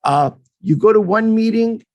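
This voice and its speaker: A man in his fifties from Montreal, co-hosting a podcast and telling a casual story in an animated way, acting out the people in it. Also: high voice, moderate pace, no echo. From Montreal, Canada. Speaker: podcast co-host and hockey agent.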